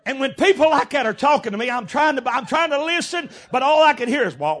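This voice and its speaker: Preacher, middle-aged man, high voice, folksy sermon storytelling with shouts. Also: animated, quick pace, hardly any pauses. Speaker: pastor.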